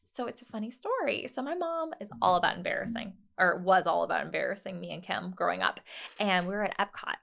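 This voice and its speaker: Lively young woman telling a funny story. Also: fairly low pitch, fast, gravelly. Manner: animated, laughing, acts out quoted voices. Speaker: podcast guest. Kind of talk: casual storytelling chat.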